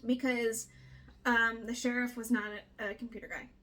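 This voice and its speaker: Chatty bright-voiced young woman. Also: on the high side, moderate pace. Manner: chatty, animated, swears, acts out characters' lines. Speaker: book club co-host. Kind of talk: casual book discussion.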